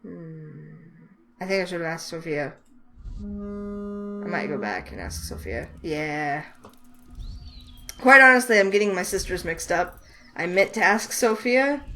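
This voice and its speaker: A woman's voice: lowish voice, big pitch swings, a little slow, long pauses, sharp tone, soft background music. A young woman hosting a let's play, musing aloud and second-guessing her choices in a playful way. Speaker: gaming channel host.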